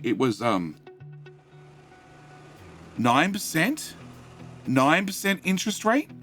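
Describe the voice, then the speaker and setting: On a game live stream, a middle-aged man from Australia talks in a fairly bright, higher-than-average voice with a light Australian accent. His chat is casual and self-deprecating, full of rambling, fillers and restarts as he reads viewers' messages aloud and responds.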